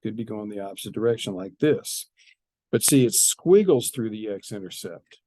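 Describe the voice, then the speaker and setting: A man's voice: fairly low pitch, lively intonation, normal speed, dark tone. A man teaching a math lesson, explaining step by step and often repeating his phrases. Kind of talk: classroom math lecture.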